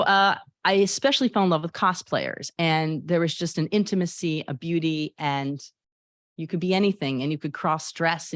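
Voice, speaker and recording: Brief: playwright, woman, low pitch, chatty setup before a reading, dry close sound. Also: dry recording. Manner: chatty, fond, many fillers and restarts. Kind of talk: introducing a reading of her play.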